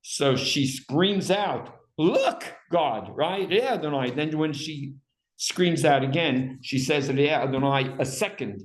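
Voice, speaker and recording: A man teaching a small class in a room, talking in a fairly high voice. He reads Hebrew passages aloud and acts out their cries with animated emphasis. The room adds a strong echo. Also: measured pace. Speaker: teacher leading a text study class. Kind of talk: classroom Bible lesson.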